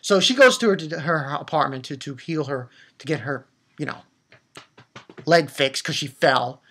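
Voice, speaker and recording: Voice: mid-range voice, normal speed, fairly bright tone, breathy edge. An anime reviewer giving a casual episode recap, rambling with frequent restarts and fillers and getting emotional about the story.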